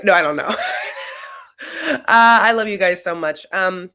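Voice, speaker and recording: A woman's voice: on the low side, a little fast, a bit bright. A young adult woman hosting a casual TV recap, chatty and sassy with rambling asides. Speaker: host.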